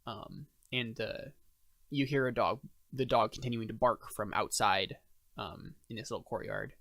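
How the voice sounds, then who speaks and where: A man's voice: lowish voice, moderate pace, creaky, a bit bright, no echo, studio quality. A man narrating a tabletop game as game master, rambling with many fillers.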